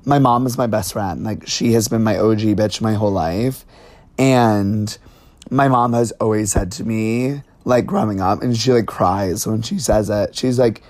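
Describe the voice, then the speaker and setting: A man's voice: fairly low pitch, measured pace, a little mellow, no echo. A man in his twenties talking casually as a podcast guest, chatty and frank, filling his talk with "like". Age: 20s. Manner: chatty, campy and frank, lots of "like".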